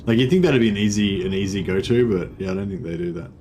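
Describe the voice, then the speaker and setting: Rambling low-voiced male game streamer. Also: quick pace, low-quality recording. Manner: rambling, self-interrupting, swears casually. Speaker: gaming streamer. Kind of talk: casual gameplay commentary. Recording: steady background noise.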